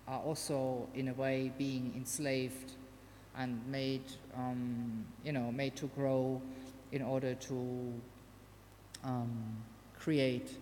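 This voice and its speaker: A woman giving a casual, halting presentation of a radio art project, with many fillers. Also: very deep voice, dark tone. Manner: hesitant, many fillers and restarts. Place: venue hall. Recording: long hall reverb, faint background noise.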